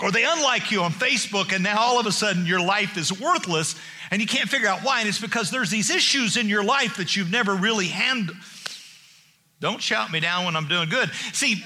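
A man preaching a sermon, joking and conversational, acting out Bible figures in quick asides. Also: high voice, pushed and bright. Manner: jokey and conversational, with many restarts. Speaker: pastor.

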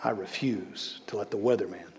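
A man preaching a sermon as a bishop, swinging between loud calls and hushed storytelling. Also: on the low side, normal speed, very noisy. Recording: long hall reverb.

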